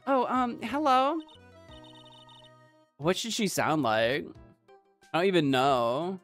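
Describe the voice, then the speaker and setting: American woman streamer, casual gameplay chatter, giggly and rambling, very animated. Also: sits low, takes it slowly, long pauses, soft background music. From United States. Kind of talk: casual let's play commentary.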